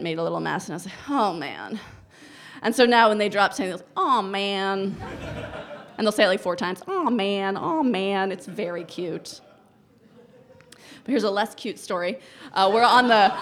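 A woman in her thirties telling a personal story on stage, animated and wry, often breaking into laughter. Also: medium pitch.

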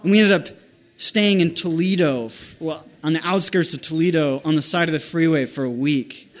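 A man's voice: a little high, normal speed, a little hiss or hum. A man telling a rambling, self-mocking story in casual speech, with restarts and little quoted voices. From United States. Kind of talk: casual spoken anecdote.

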